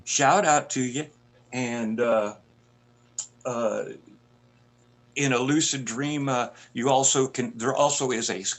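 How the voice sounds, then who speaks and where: A man with a mid-range voice explains an idea as a guest on a radio talk show. He talks in a halting way and pauses often on fillers. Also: mid-range voice. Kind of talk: casual explanation.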